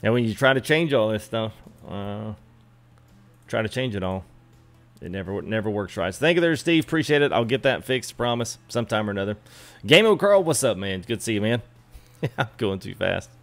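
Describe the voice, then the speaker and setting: A man's voice: on the low side, animated, normal speed, fairly bright tone, faint music behind. A man chatting casually with live viewers while customizing a truck in a game, greeting them by name. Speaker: streamer. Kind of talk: live gameplay stream chat.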